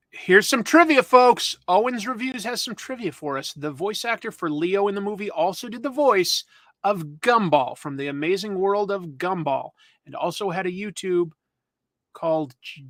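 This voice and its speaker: A man's voice: high voice, a bit bright, no room sound, clean studio sound. A man hosting a comics news show, chatting in a rambling, casual, self-deprecating way. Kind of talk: casual live-stream chat.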